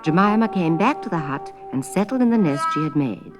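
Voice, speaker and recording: A woman narrating a children's story in poised, measured tones. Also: fairly low pitch, animated. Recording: old record with loud orchestral music.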